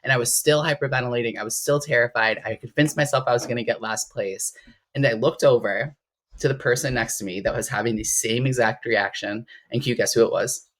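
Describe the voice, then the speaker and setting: A woman guest in a casual interview, telling stories with strong emotion and big swings in her voice. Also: fairly quick. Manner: animated, emotional storytelling with big pitch swings. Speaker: interview guest, competitive bodybuilder.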